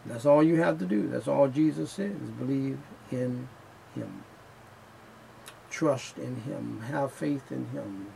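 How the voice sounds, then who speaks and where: A man preaching a sermon in a slow, emphatic style, returning again and again to the same refrains. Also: mid-range voice, creaky, dark tone, a little hiss or hum, low-quality recording.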